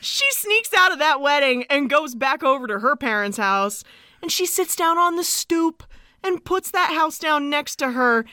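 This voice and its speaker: High, lively woman podcast co-host. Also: moderate pace, no room sound, clean studio sound. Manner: chatty, peppered with "like". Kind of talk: casual movie recap chat.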